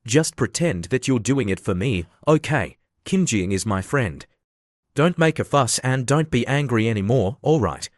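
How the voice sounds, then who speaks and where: Man reading composed young woman, calm and lecturing, mid-pitched, dry storybook read. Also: normal speed, no room sound, close to an everyday voice. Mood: soothing.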